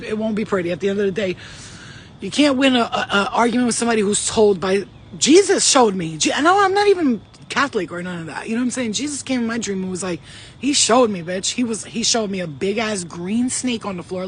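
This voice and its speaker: A man with a very high-pitched voice, a spiritual channeler who vlogs, delivers a rambling, casual talk to his viewers. He's profane and excitable, skipping from one tale to the next in quick asides, over a faint hum on a low-quality recording.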